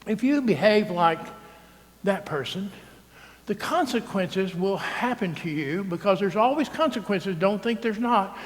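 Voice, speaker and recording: A male priest, preaching a sermon in a chatty, teasing way and often asking "right?". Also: high-pitched. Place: church sanctuary. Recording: long church reverb.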